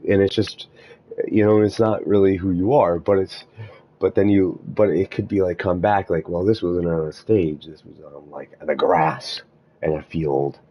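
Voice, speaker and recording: A man musing aloud in a meandering spiritual monologue, halting often and restarting his thoughts. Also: sits low, fairly even intonation, slightly rough, highs cut off.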